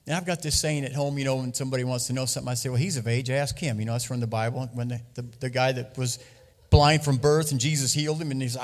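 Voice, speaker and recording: A man preaching a sermon to a church congregation, lively and loud at times. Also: mid-range voice, fast talker, long reverb tail. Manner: lively, loud bursts, sings and laughs at times. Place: church hall. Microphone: handheld mic.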